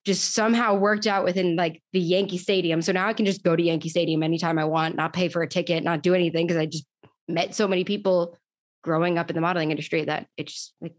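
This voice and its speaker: A woman's voice: lowish voice, steady tone, fast talker, no room sound. A young adult woman from New York, telling her story casually in an interview, with a lot of "like" fillers. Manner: chatty, frequent "like" fillers. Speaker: podcast host and guest.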